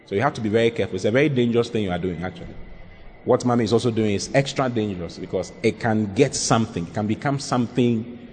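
A man's voice: fairly low pitch, quick pace, a little mellow, a little hiss or hum. A male pastor giving earnest, emphatic counsel during a sermon Q&A, often repeating his points. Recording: long reverb in a large hall.

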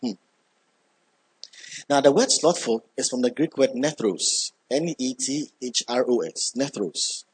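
A man preaching a sermon, emphatic, repeating key words and building up when excited. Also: mid-range voice, unhurried, long pauses, breathy edge.

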